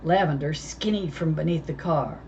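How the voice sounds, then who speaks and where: Low-voiced lady reading a chapter book aloud, takes her time, muffled recording with a little hiss. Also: darkish tone. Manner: measured, unhurried reading with small stumbles. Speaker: reader. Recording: dull lo-fi with faint hiss.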